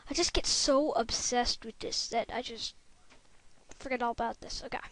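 A woman's voice: fairly high pitch, steady tone, moderate pace, background noise. A female gamer chatting casually through her gameplay at a home computer, rambling and correcting herself as she goes, into a desktop microphone. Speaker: gameplay video maker.

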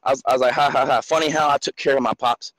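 A man's voice: mid-range voice, steady tone, quick pace, rough recording. A man in his twenties calling into a live stream, ranting angrily and swearing nonstop. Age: 20s. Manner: furious, profane, shouting. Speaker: caller. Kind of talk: angry rant on a live call-in stream.

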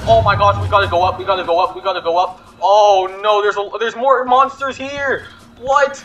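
A man hosting a gaming video, commenting excitably and panicking with repeated words. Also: high-pitched, moderate pace.

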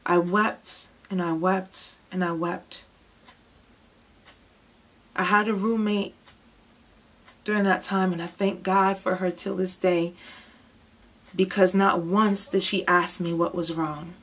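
A young woman giving an emotional personal testimony, moving between hushed, heavy moments and impassioned outbursts. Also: lowish voice, fairly even intonation, slow pace, long pauses. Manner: intense, swings from hushed to impassioned. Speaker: testimony speaker.

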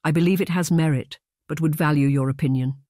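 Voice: medium pitch, steady tone, fairly quick, darkish tone, no echo, clean studio sound, lightly acted. An audiobook narrator voicing a shy young lady artist with a hesitant manner. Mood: timid.

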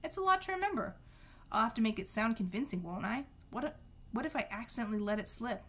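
A woman reading the lines of a cool-headed teenage boy, calm and measured. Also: a little high, breathy edge. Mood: calm, pleading.

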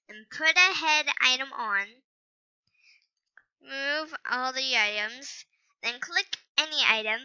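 Slow, bright-voiced woman commenting on gameplay. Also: fairly high pitch, clear, resonant tone, lo-fi sound. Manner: rambling, hesitant, apologetic asides. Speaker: gaming channel host.

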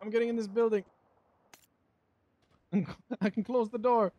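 A young man gaming with a friend, loud and sweary, laughing a lot, talking into a headset. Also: high voice, steady tone, a little slow, lo-fi sound. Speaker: gamer. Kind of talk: casual gaming banter.

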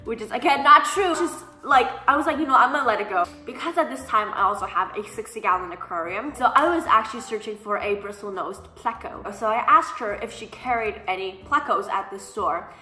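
Bright, animated young woman telling stories. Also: a little high, brisk, hardly any pauses. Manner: animated and sassy, mimics people she quotes. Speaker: vlogger. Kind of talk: casual storytime chat. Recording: echoey room, faint background music.

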